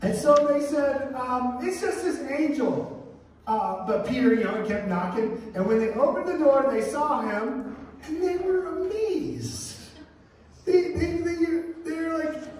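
A man's voice: extremely high pitch, unhurried, a little hiss or hum. A man preaching a sermon as pastor, telling stories and acting out the voices of people in them. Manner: storytelling, acts out voices of people in the story. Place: church sanctuary. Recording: echoey church hall from far off.

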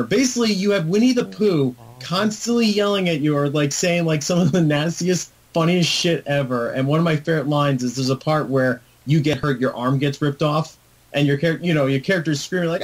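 Eager, excitable man on a podcast. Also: fairly high pitch, normal speed. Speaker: podcast co-host. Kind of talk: casual chat.

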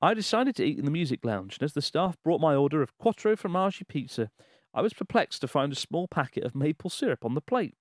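A podcast co-host with a fairly high, sing-song voice talks fast as he casually reads a listener's letter aloud, laughing and swearing in disbelief along the way. The studio sound is clean, with no echo.

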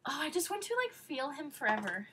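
A woman opening a package for her vlog, gushing and excitable, often squealing. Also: high-pitched, fairly quick, slight background noise, poor audio. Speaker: vlogger.

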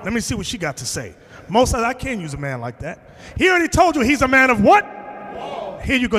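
Very high-pitched and fast, with big pitch swings and a fairly bright tone, a bishop preaches to a class confrontationally and emphatically, frequently getting loud. Long hall reverb fills the recording from the big, reverberant classroom space.

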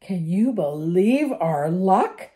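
An older woman voicing a panicky, gloomy young wizard boy with high, drawn-out exclamations. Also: expressive, dark tone. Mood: miserable.

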